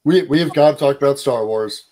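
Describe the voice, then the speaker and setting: Co-host, man, mid-pitched, opinionated, drives the conversation. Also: moderate pace, darkish tone. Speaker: podcast co-host. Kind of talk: casual chat.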